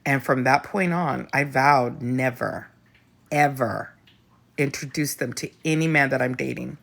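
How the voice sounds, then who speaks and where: A woman's voice: very deep voice, unhurried, vocal fry, fairly bright tone. A middle-aged woman hosting a casual live chat, talking candidly and bluntly with frequent restarts and the odd swear word. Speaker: host.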